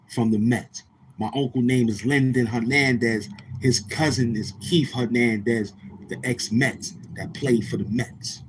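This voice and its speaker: A man's voice: mid-range voice, slightly rough. A man from Brooklyn, hosting a livestream and telling rambling, profane stories while calling out to the chat. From Brooklyn, New York. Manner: rambling, profane, keeps asking the chat questions. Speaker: show host.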